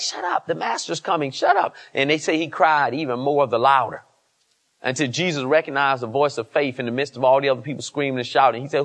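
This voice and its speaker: A man's voice: on the high side, fairly bright tone. Man, pastor, church sermon, emphatic call-and-response preaching. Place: church service.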